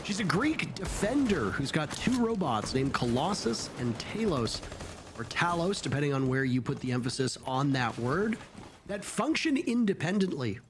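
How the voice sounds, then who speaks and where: A man calling esports play-by-play, excitable and rising at big plays. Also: on the high side, normal speed, noisy background. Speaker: play-by-play caster.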